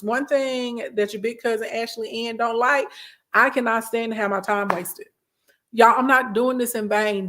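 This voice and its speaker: A woman's voice: fairly high pitch, steady tone, moderate pace, fairly bright tone. A woman hosting a casual livestream as a business coach, blunt and chatty, often asking "okay?" and scolding her followers.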